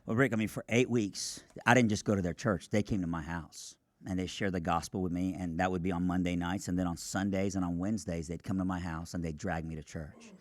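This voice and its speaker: A man with a lowish voice tells his story with animated, earnest energy on a radio show. He is recorded close and dry in a studio. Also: dry recording. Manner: animated, earnest, quick asides. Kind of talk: storytelling testimony.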